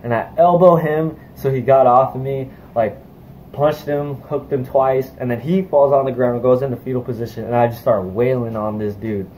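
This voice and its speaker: A young man tells a story in a casual vlog, heated and profane, with many fillers as he rushes through it. His pitch sits in the middle of the range. A faint hiss runs behind him. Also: steady tone, mellow, poor audio. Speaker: vlogger.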